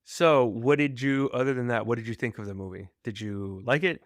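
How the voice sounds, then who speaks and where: A man hosts a relaxed podcast chat over a video call. He talks in a loose, chatty way, laughs easily and quotes lines as he goes. His voice sits in the middle of the usual range and sounds close and dry. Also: mid-range voice, a little fast, no room sound. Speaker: podcast host. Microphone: video call mic.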